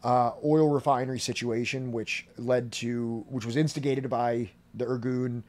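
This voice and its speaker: A man's voice: medium pitch, fairly even intonation, measured pace, darkish tone. A man hosting a history podcast, reading passages and then explaining them in loose, filler-heavy talk. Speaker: podcast host. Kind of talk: casual history podcast commentary.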